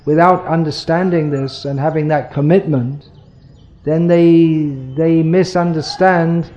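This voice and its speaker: A man answering questions as a spiritual teacher, explaining in a measured way with frequent restarts. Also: a little high, mellow, a little hiss or hum.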